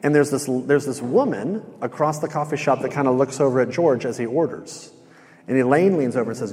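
A man preaching to a room, retelling a sitcom scene with animated quoted lines. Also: medium pitch, brisk. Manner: storytelling, animated when quoting. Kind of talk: sermon with retold sitcom scene. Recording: hall reverb.

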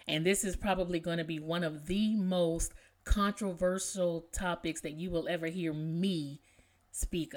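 Enthusiastic woman podcast host. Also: on the low side. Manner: enthusiastic, promotional. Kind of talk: podcast talk and poem reading.

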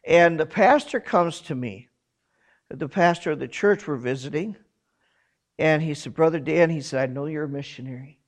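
A man's voice: fairly high pitch, normal speed. A man who grew up in South Korea, a missionary telling a funny anecdote and acting out the people in it. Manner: animated anecdote with quoted voices, chuckling. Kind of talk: storytelling talk.

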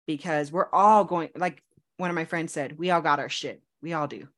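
Animated laughing woman podcast co-host. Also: deep voice, moderate pace. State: engaged to be married. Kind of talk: casual chat.

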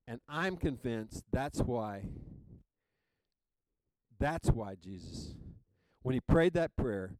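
A male pastor delivering a sermon at an unhurried, deliberate pace. He leans hard on key words and reads hymn lines aloud with growing emphasis, calling for amens. The recording is close and dry. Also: mid-range voice, animated, darkish tone, no echo, low-quality recording. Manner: asks the congregation for amens.

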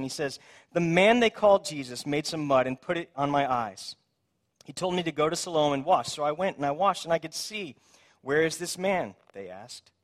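Male preacher, slightly higher voice, casual and animated sermon delivery. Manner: animated storytelling, voices characters in the scripture; conversational, asks "right?".

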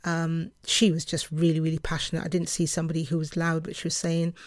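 Passionate, fast-talking woman podcast host. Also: low voice, monotone, dry recording, clean studio sound. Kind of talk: solo podcast monologue.

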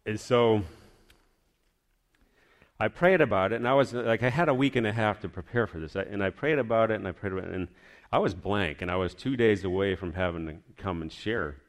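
A man's voice: on the low side, brisk. A man giving a personal testimony to his church, telling a story in a rambling, heartfelt way.

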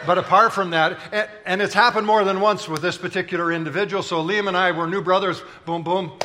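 A man's voice: high-pitched, steady tone, a little fast, bright, forceful tone, a little hiss or hum. A man preaching a sermon as pastor, telling stories in a playful, conversational way and bantering with the congregation. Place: large church auditorium.

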